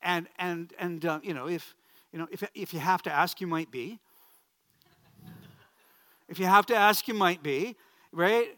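Bright-voiced male pastor preaching. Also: high-pitched, unhurried, long pauses, no room sound. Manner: storytelling sermon with humorous asides and repeated phrases. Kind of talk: sermon.

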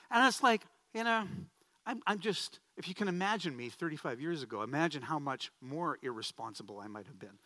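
A pastor in his fifties delivers a sermon in a bright, forceful, fairly high voice. He tells stories, tosses in humorous asides and repeats key phrases. The sound is dry and close. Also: dry recording.

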